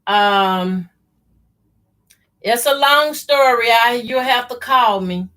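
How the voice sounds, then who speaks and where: Slow-talking Southern woman sewing live. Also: on the high side, a bit bright. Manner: chatty, folksy, greets viewers by name. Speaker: sewing channel host. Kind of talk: casual live-stream chat while sewing.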